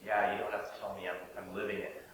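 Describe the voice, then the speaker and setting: A man's voice: lowish voice, completely flat delivery, fast talker, fairly bright tone. Anxious questioning man in an echoey room. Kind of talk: staged conversation. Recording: echoey room, mic at a distance, faint hiss.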